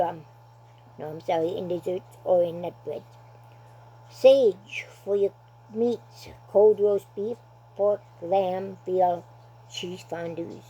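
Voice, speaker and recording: A woman's voice: medium pitch, dark tone, slight background noise. An older woman reading a list aloud at home, stumbling over words and adding chatty asides. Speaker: blogger. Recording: dull lo-fi recording.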